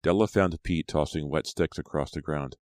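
A man reading a storybook aloud in a steady, even way, his voice very deep. The sound is close and dry, with no room around it. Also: normal speed, dry recording. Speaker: audiobook narrator. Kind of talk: scripted narration.

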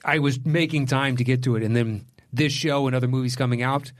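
Relaxed man chatting about movies. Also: medium pitch, brisk. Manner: easygoing, apologetic, conversational. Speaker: podcast co-host. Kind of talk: casual movie chat.

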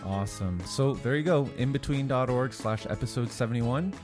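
A male podcast co-host chats casually over music, offering earnest, reassuring encouragement rooted in faith. His voice is medium-pitched and he speaks at a normal speed.

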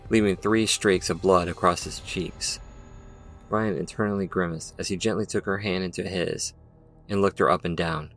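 A man giving a measured, dramatic scripted narration of a story. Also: deep voice, fairly bright tone. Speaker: audiobook narrator.

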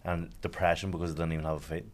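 A man's voice: low-pitched, flat delivery, very fast. A man with a Belfast accent, a podcast guest chatting casually in a blunt, sweary, self-mocking way. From Northern Ireland. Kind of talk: casual chat.

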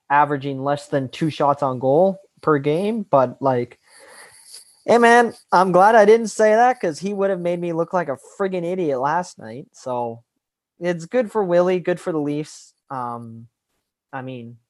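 A man's voice: fairly high pitch, dry recording. A man co-hosting a casual hockey podcast, wry and teasing. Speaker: podcast co-host.

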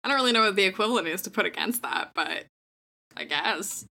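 A woman's voice: mid-range voice, expressive, gravelly, pushed and bright. A woman running a tabletop role-playing game as game master, joking and laughing as she talks. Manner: quick joking asides, laughs often.

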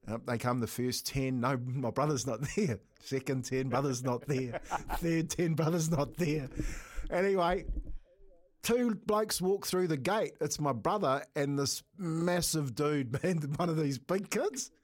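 A man's voice: on the high side, a little slow. A middle-aged man with a New Zealand accent, co-hosting a radio show, telling a funny family story with frequent laughter and lots of "mate". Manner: chatty, laughs often, says "mate" a lot. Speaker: radio co-host. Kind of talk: casual radio banter and storytelling.

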